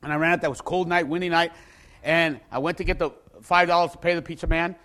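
A man telling a dramatic personal story, acting out the people in it and bursting into shouts at the tense moments. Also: a little high, steady tone, fast talker. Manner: acts out the people in his story. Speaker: storyteller giving a personal testimony.

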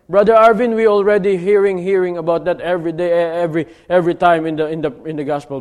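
A man preaching a sermon, exhorting his listeners and building to loud, repeated calls to action. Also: fairly high pitch. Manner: exhortative, rising to near-shouting climaxes, repetitive.

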